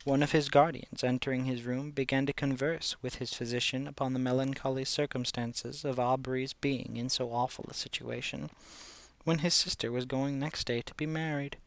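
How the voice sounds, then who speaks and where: A man reading a classic story aloud in a measured way, sometimes stumbling and restarting a word. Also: medium pitch, fairly even intonation, creaky, no echo. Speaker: audiobook reader.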